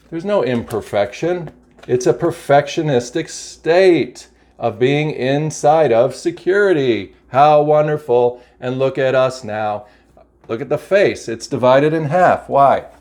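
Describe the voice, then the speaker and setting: A man's voice: mid-range voice, animated, unhurried, darkish tone. A man giving a casual, enthusiastic spiritual oracle card reading to a camera, often exclaiming and repeating phrases. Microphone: camera mic.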